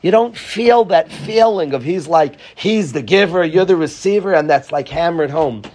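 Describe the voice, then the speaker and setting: A man's voice: fairly high pitch, normal speed, darkish tone. A man giving an informal, joking Torah talk to a small group, repeating his key phrases with animation. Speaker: Torah teacher.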